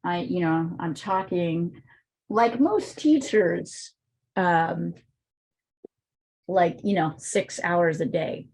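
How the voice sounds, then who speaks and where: Art teacher lady, kinda weak worn-out voice, lowish, um-ing through a live online demo on a computer mic. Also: very slow, long pauses, a little mellow, breathy edge. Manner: chatty, thinks aloud while drawing, many fillers. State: weak, strained voice.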